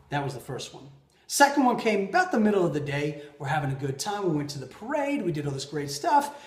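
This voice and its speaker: A man with a slightly high voice tells personal stories as a podcast host. He is animated, jumping from loud, excited bursts to quiet, low asides. The room gives his voice a noticeable echo. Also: fairly quick. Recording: roomy echo.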